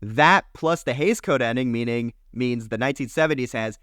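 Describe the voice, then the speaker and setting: This young co-host's smooth, slightly bright mid-range voice comes through with studio quality and no echo. On the podcast he enthusiastically tours film history year by year, listing years in quick bursts and tossing in casual swearing.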